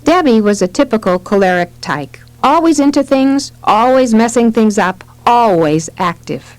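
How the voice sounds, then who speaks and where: Expressive woman narrating a parenting audiobook. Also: fairly high pitch, normal speed, no echo, faint music behind, rough recording. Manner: expressive storytelling reading. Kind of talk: scripted narration.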